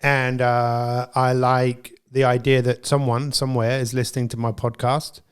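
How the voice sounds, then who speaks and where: Guy hosting a podcast, smooth clear voice, encouraging questions. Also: medium pitch, level tone, normal speed. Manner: encouraging, friendly interviewer. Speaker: podcast host. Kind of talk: casual interview chat.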